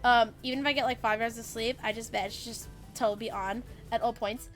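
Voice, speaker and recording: High-voiced energetic woman streamer. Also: fast, soft background music. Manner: energetic, swears a lot, giggly. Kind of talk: casual live-stream chat.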